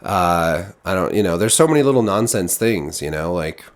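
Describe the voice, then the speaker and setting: Brief: frustrated male critic with a lowish voice, rambling through a casual review. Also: animated, normal speed. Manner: exasperated, rambling, frequent restarts. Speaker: TV show reviewer.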